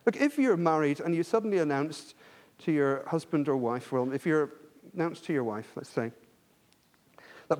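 A man with a notably high voice delivers a sermon to his congregation. He speaks earnestly, pressing his points through repetition and frequent restarts. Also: normal speed. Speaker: preacher.

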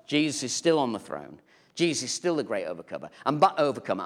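A man's voice: medium pitch, very animated, a little fast. A man preaching a sermon in church, conversational and humorous, with playful asides.

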